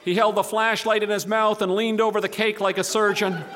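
High-voiced man telling a comic story. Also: flat delivery, brisk, a bit bright, a little hiss or hum. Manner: wry, dry comic delivery with asides.

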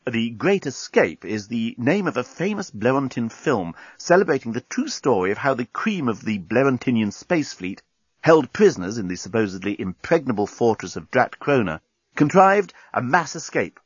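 A man's voice: medium pitch, very animated, normal speed, husky, no room sound, highs cut off. A man narrating an audiobook in a dry, wry manner.

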